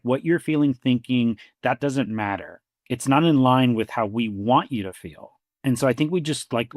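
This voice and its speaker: A man's voice: mid-range voice, no echo, studio quality. A man who works as a therapist, co-hosting a conversational podcast in a reflective storytelling way, acting out quoted dialogue and often saying "you know" and "like.".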